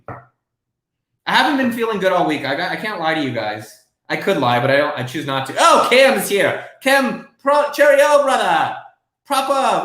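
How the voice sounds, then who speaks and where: Excitable man hosting a live Q&A. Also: on the high side, reverberant. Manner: casual, excitable, profane. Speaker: host. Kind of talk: live stream Q&A.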